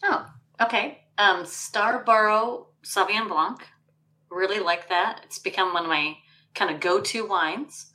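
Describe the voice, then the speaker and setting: A woman's voice: mid-range voice, unhurried, pushed and bright, low-quality recording. A woman co-hosting a podcast in casual chat, talkative and full of fillers like "um" and "like". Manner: chatty, lots of fillers like "um" and "like". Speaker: podcast co-host.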